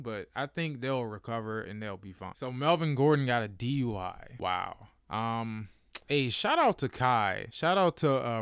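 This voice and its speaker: A man's voice: medium pitch, a bit bright, clean tone, no room sound, studio quality. A young man hosting a casual sports podcast, talking loosely with slangy asides and frequent laughs. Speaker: podcast host.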